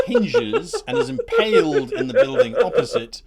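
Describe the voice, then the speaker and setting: A man's voice: a little high, sing-song, measured pace, hardly any pauses, crowd noise. A man narrating as game master for a tabletop game, playful and chuckling as he tells the story.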